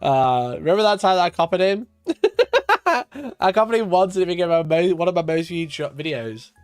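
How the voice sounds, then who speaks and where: A man's voice: high-pitched, animated, brisk, darkish tone, smooth, no echo, soft background music. A man from Sheffield with a Yorkshire accent, chatting casually on a live stream, swearing and laughing often as he rants. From Sheffield, Yorkshire, England. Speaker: wargaming streamer.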